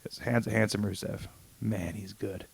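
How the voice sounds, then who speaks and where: Slightly slow and creaky, his lowish voice stays fairly even and carries a little roughness. He's one of the co-hosts on a casual comics podcast, meandering through a story while voicing the lines himself.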